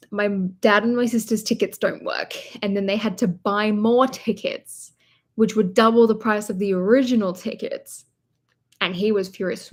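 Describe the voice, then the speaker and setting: A young woman vlogger chatting live from a hotel room, telling a long rambling story and talking to her viewers as she goes. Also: mid-range voice. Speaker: vlogger hosting a livestream. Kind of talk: casual live-stream chat.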